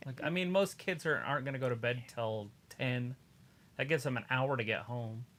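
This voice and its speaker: A man's voice: medium pitch, normal speed, fairly bright tone. A man co-hosting a wrestling watch-along, talking casually and sharing his wrestling opinions. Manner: laid-back, chimes in with wrestling opinions. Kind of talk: casual chat and match commentary.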